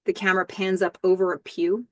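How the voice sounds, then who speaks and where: A woman's voice: medium pitch, level tone, a little fast, fairly bright tone, dry recording. Chatty woman podcast host, dry and close. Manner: chatty, describes scenes step by step with fillers. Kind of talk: casual recap podcast narration.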